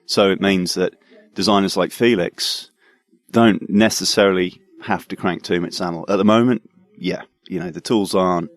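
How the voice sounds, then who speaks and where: A man's voice: sits low, fairly even intonation, moderate pace. A man with an English accent, a developer, talking enthusiastically about his work with stammering restarts. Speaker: developer guest. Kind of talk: casual tech chat.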